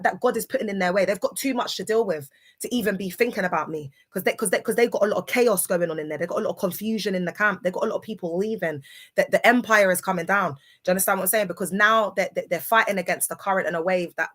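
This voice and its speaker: A grieving woman on a livestream talks to viewers in a mid-range, somewhat bright voice. The monologue is casual yet emphatic and preachy, full of questions about whether listeners get it.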